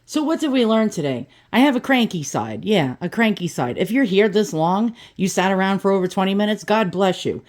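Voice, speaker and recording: A woman's voice: mid-range voice, lively intonation, fairly quick, hardly any pauses, a little mellow. A woman in her fifties rambling through a casual home vlog in her kitchen, sarcastic and cranky, swearing freely. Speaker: YouTube vlogger.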